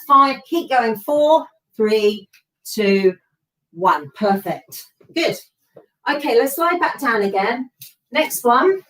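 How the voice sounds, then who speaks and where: A woman's voice: fairly high pitch, roomy sound, distant mic, poor audio. Encouraging woman coaching a workout. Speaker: fitness instructor. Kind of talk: live workout class instruction. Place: home or hall workout space.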